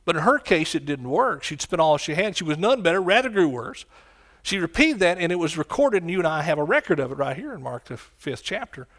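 A man preaching a sermon, swinging from quiet, low lines to loud, shouted ones. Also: sing-song, fairly quick. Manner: impassioned, rising to shouts and dropping low.

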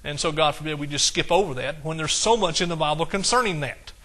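A preacher from East Texas with the accent to match delivers a folksy sermon, breaking into exclamations as he quotes old-style scripture. His voice is bright and forceful and sits a little high for a middle-aged man. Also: fast talker. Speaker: pastor.

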